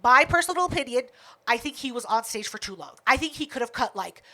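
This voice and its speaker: High bright woman telling a profane story. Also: fast. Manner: profane, animated retelling with quoted dialogue. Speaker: podcast co-host. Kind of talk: casual storytelling chat.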